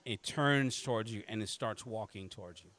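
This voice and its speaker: A man's voice: on the low side, normal speed, a little hiss or hum. A man narrating as game master of a tabletop game, with frequent restarts as he describes the scene. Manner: animated, stumbling restarts.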